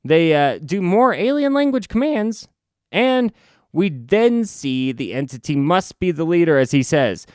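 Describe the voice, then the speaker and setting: Unhurried wry male comic reviewer. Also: on the high side, very animated, a little mellow, clean tone, no room sound, studio quality. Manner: wry, rambling, self-interrupting. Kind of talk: casual comic review read-through.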